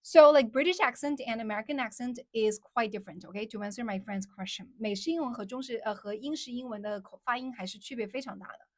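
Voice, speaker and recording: A woman's voice: on the high side, no echo, studio quality. A young woman from China with Mandarin as her first language, hosting a casual livestream and answering viewers. She keeps repeating her phrases and switches between English and Mandarin. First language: Mandarin Chinese. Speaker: livestream host.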